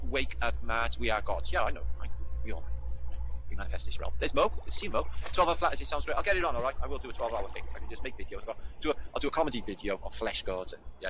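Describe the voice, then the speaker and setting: Fast, lively British man on a noisy stream. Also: mid-range voice. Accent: British English. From Britain. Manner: rambling, sweary, affectionate with chatters. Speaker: livestream host. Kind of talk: casual livestream chat reading out viewer names.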